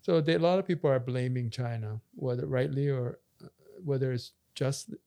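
Chatty pastor. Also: male voice, medium pitch, moderate pace, gravelly, mellow. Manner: talkative, storytelling with many fillers and restarts. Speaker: pastor and podcast host. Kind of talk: casual chat.

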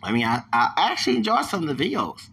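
A man hosting a casual podcast monologue, animated and laughing, mimicking reactions with sudden shrieks. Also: fairly high pitch, quick pace, creaky, breathy edge. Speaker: podcast host.

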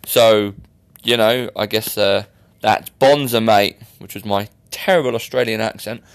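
A man's voice: lowish voice, fairly even intonation, normal speed, smooth, no echo. Young guy rambling on his podcast, joking at himself, dry close sound. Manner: chatty and rambling, self-mocking. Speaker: podcast host. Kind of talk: casual solo podcast chat.

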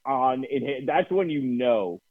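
A man's voice: mid-range voice, lively intonation, slow, dry recording. Ranting man with a New Jersey accent. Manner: ranting, profane storyteller. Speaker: podcast co-host. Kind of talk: casual chat. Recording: dry tinny phone-like sound.

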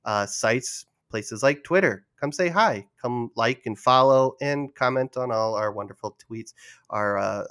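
A man's voice: medium pitch, fairly bright tone. Nervous laughing male podcast host. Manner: nervous, laughing, self-deprecating. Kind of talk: casual gaming podcast chat.

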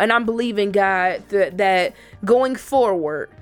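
An earnest woman shares a heartfelt faith testimony with other women. Her pitch sits in an ordinary middle range. She presses her points emphatically and repeats phrases to drive them home, with soft music playing faintly underneath. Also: lively intonation, a little slow, clean tone. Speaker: faith speaker addressing women.

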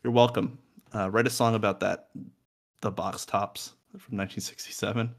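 A man's voice: on the low side, fairly even intonation, moderate pace, gravelly. A young man co-hosting a casual music podcast from a room at home, joking, swearing and laughing often. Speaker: podcast co-host.

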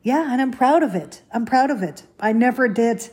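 Husky-voiced woman chatting on a podcast. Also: a little high, animated, moderate pace, darkish tone. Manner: chatty and confiding, asks the listener questions. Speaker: podcast host. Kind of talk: casual solo podcast chat.

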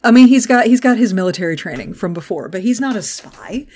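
Woman, podcast co-host, casual recap chat, animated, salty language, acts out lines. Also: mid-range voice, fast. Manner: animated, swears freely, acts out character lines.

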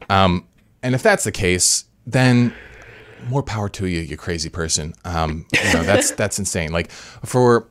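A man's voice: sits low, unhurried, no room sound. A man hosting a podcast, commenting in a rambling, casual way with frequent restarts. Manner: rambling, self-correcting, repeats words. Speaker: podcast host.

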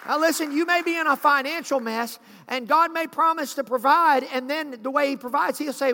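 A man preaching in a church, his voice high and bright. He calls out to the congregation and acts out the people in his story. The sound rings with a long hall reverb. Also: fairly quick, few pauses. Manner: preaching with rising intensity, calls to congregation, acted asides. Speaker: pastor. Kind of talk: sermon. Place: church sanctuary.

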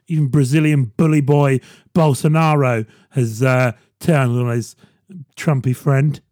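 A man hosting a podcast, delivering a sardonic comedy monologue with quick asides to the listener. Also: mid-range voice, fairly even intonation, a little mellow, dry recording, studio quality. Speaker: podcast host. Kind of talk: stand-up style comedy monologue.

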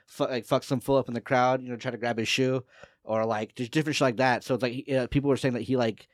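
A fast-talking man hosting a podcast, rambling and loose, dropping swear words as he goes. His voice is close and dry, with no room sound. He sits at his mic in a studio. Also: medium pitch, fairly even intonation, no room sound. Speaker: podcast host. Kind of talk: casual podcast chat.

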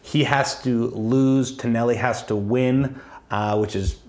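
A man's voice: mid-range voice, fairly even intonation, slow pace, a little mellow. A man co-hosting a fantasy football podcast, talking through matchups in a chatty, analytical way with frequent ums. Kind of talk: casual sports chat.

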